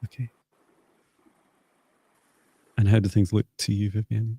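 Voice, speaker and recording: A man hosting a live psychic healing session, speaking softly and hesitantly with many pauses. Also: lowish voice, little pitch movement, creaky, husky, dry recording. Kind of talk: slow, gentle guided healing talk.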